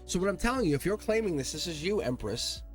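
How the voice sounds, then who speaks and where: A man giving an emotional tarot reading to viewers, talking in an excitable, emphatic way, often laughing and repeating himself. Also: high-pitched, quick pace. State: emotional, near tears. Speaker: tarot reader. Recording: soft music playing behind.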